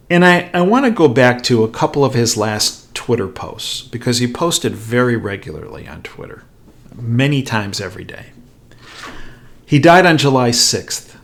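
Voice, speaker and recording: Middle-aged man telling an animated story. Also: medium pitch. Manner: animated anecdotal storytelling with acted-out quotes. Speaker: host. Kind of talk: storytelling commentary.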